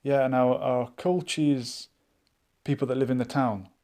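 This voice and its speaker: A man hosting a live online chat show, musing out loud and reading viewers' comments aloud in a casual, thinking-aloud way. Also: mid-range voice, steady tone, a little slow. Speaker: livestream chat host.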